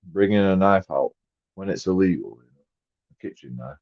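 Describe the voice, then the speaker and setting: A man with a low voice rambles through a live stream, cursing freely and lurching from mutters to sudden loud bursts. The recording is dry and dull, a muffled lo-fi capture with no room sound. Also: big pitch swings, moderate pace, gravelly, pauses often, dry recording. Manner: rambling, profane, jumps between mumbled asides and loud outbursts.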